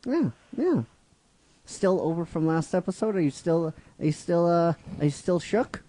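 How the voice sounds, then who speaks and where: Narrating his fan script series, a middle-aged man tells a fan-written story in a loose, rambling way, frequently restarting and talking aside to his audience. He sounds fairly high, animated and warm at a normal speed, with no echo.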